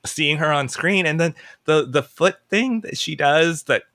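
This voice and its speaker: A man's voice: on the high side, unhurried, bright, forceful tone, no echo, studio quality. A man guest on a podcast, chatting casually in an emotional, rambling way and second-guessing himself. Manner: emotional, rambling, self-questioning. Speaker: podcast guest, entertainment writer.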